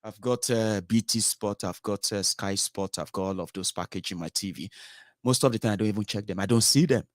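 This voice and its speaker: A man from Nigeria with a Nigerian accent, hosting a political commentary show in an animated, mocking monologue that mixes English, Pidgin and Yoruba. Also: fairly low pitch, a little fast, dry recording, clean studio sound.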